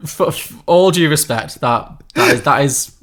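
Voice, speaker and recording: A man co-hosting a podcast, mostly listening with short, deadpan acknowledgements and slipping in wry jokes. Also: a little high, measured pace. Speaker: podcast co-host. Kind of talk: casual chat.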